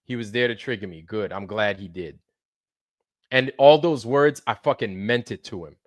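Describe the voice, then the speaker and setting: A man streaming live, ranting in a heated, profane way, repeating himself and swinging between low mutters and loud outbursts. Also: normal speed, dry recording. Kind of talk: heated livestream rant.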